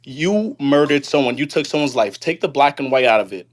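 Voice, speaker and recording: A man's voice: mid-range voice, expressive. A man calling in to a live stream, earnestly telling a work story in casual conversation. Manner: earnest, recounting a story, pauses and restarts. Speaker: caller. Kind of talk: casual call-in chat.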